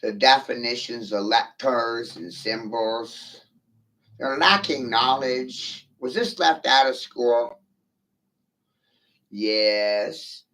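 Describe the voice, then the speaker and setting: Guy ranting on his stream, swears a lot, keeps throwing questions at chat, slow and gravelly. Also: medium pitch, pushed and bright. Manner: profane, provocative, rhetorical questions. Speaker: livestreamer. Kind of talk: rambling livestream rant.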